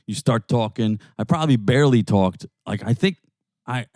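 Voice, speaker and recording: An older man with a thick Brooklyn New York accent riffs crudely as a podcast co-host inside a car. His pitch jumps all over the place as he rambles and swears. The sound is close and dry. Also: moderate pace, no echo. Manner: profane, rambling, animated. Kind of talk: crude casual banter.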